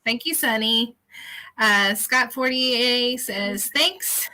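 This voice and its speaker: A woman co-hosting a livestream, reading viewer comments aloud in a relaxed, amused way. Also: on the high side, slow pace, low-quality recording. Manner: reads chat messages aloud, relaxed and amused. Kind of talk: casual livestream chat.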